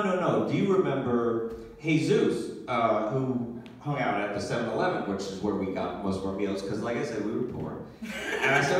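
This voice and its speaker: A man with a somewhat high, wildly lively voice spins a self-mocking, profane story for a live crowd. The sound is echoey and a bit distant from the mic. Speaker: comedian guest. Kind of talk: stand-up storytelling on a live podcast. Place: small venue with live audience.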